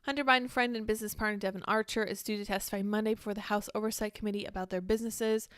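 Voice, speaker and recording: A woman's voice: mid-range voice, steady tone, clear, resonant tone, no echo, studio quality. A woman hosting casual political commentary, reading news aloud with candid, sarcastic asides. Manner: candid, sarcastic, quick to react and digress.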